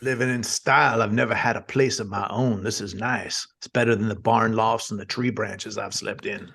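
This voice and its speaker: A man's voice: on the low side, steady tone, moderate pace, creaky, fairly bright tone, husky, full character voice. A man voicing a young adult male drifter at a tabletop game, grateful to finally have a home, in a plain easygoing voice. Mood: content. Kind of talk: in-character role-play.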